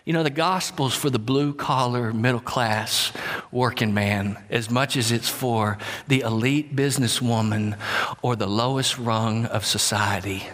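A man preaching a sermon, emphatic, slowing to stress words and dropping at times to a whisper. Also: medium pitch, a bit bright. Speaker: pastor. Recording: long hall reverb.

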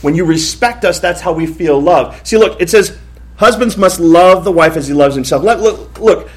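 A pastor in his thirties preaching a sermon in a lively, conversational way, often repeating himself. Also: high-pitched, moderate pace. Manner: animated, conversational preaching with repetitions.

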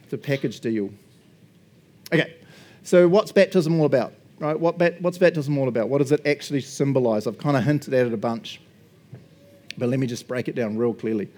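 A man's voice: medium pitch, brisk, mellow. A man, a pastor preaching in a casual, joking style. He keeps tagging his points with "right?" and "eh?", laughs often and acts out small conversations. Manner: chatty and jokey, tag questions like "right?" and "eh?"; laughs often, acts out little quoted exchanges. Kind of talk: casual sermon.

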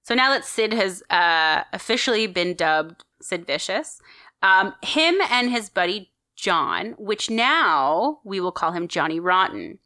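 A woman's voice: medium pitch, sing-song, measured pace, pushed and bright, no room sound, studio quality. A woman co-hosting a podcast, chatting enthusiastically as she tells a story with lots of fillers. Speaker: podcast co-host telling a story. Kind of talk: casual storytelling chat.

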